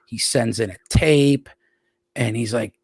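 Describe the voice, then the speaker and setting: A man's voice: mid-range voice, unhurried, dry recording, studio quality. A man from Rochester, New York, a podcast guest, telling long profane stories and acting out what others said. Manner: profane, anecdotal, acts out quoted voices. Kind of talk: casual storytelling.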